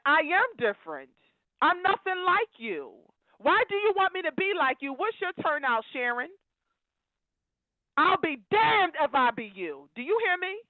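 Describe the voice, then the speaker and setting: A woman's voice: high voice, no echo. A woman calling in to a live show, preaching emphatically and lecturing listeners directly. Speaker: call-in caller. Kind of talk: live call-in rant. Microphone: phone. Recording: tinny dry phone line.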